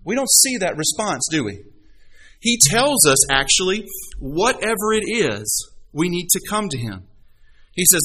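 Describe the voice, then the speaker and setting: A man preaching a sermon in a bright, forceful voice that sits a little high for a man. He talks to the congregation in a chatty, joking way and slips into put-on voices for quotes. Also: lively intonation, normal speed, low-quality recording. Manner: conversational, playfully acts out quoted voices. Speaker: pastor.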